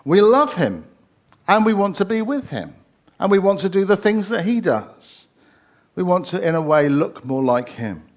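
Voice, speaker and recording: Preacher with a higher voice. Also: male voice, big pitch swings, moderate pace. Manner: conversational, rhetorical questions, frequent fillers. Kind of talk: sermon.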